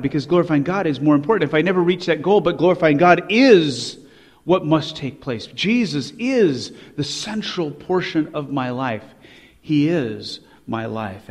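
A man preaching a sermon with emphasis, his voice rising on quoted scripture, with fillers and restarts between points. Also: on the high side. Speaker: pastor. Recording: long hall reverb.

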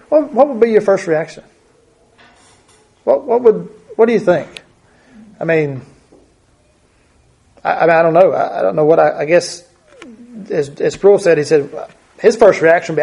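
A man's voice: high-pitched, animated, moderate pace, creaky, pauses often, dark tone, slightly rough. A man preaching a conversational Bible teaching, thinking aloud and often repeating his words.

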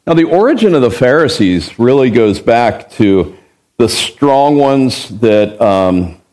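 A man's voice: fairly low pitch, a little mellow. A man preaching an expository Bible sermon as pastor. He is emphatic, asks the listeners rhetorical questions and acts out the verses he quotes.

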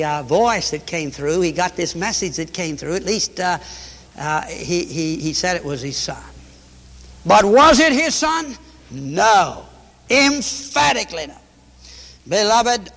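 A man preaching a fiery sermon, swinging from loud emphatic rises down to low, hushed lines, repeating his points for emphasis. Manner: preaching with sweeping rises to shouts and drops to low tones; repetitive, emphatic. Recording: long hall reverb.

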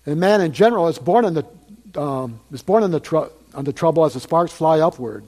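Delivering a conversational sermon, an older man addresses his congregation, repeating phrases and asking them questions. His voice is a little high and darkish in tone, with lively intonation and a fairly quick pace.

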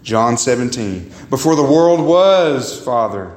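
Emphatic pastor in an echoey church. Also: male voice, animated, takes it slowly, darkish tone, slight background noise. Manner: emphatic, swings pitch high and low, repeats words; addresses congregation as "guys" and "beloved". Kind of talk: sermon. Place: church sanctuary.

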